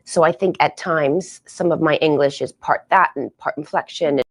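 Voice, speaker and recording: Woman, low voice, interview clip guest, over-enunciates, measured and deliberate. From United States. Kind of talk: explaining herself in an interview.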